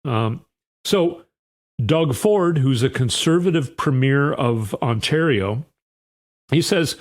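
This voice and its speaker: A man's voice: mid-range voice, animated, slow. A man hosting a political commentary show, sarcastic and often sighing. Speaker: host.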